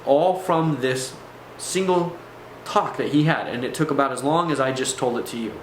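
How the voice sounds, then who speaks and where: A man's voice: mid-range voice, moderate pace, slight background noise. A man telling a personal spiritual testimony to camera, earnest and intense, often restarting his sentences. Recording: echoey room.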